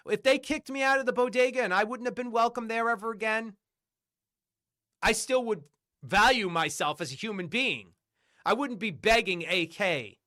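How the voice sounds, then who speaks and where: A man's voice: high voice, pushed and bright. A man on a livestream delivering an angry, profane rant full of repeated rhetorical questions. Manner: combative, repetitive, profane, hammering rhetorical questions.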